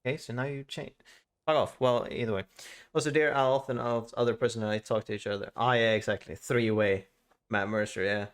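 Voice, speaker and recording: A man's voice: medium pitch, fairly even intonation, a little fast. A man streaming a video game, chatting casually, swearing often and reading the game's text aloud. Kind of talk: casual live-stream commentary.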